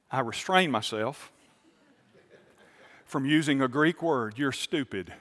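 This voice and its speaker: A male pastor, preaching a sermon. He tells a story calmly, then builds to fervent appeals to the congregation. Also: mid-range voice, takes it slowly, big-room sound. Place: large church auditorium.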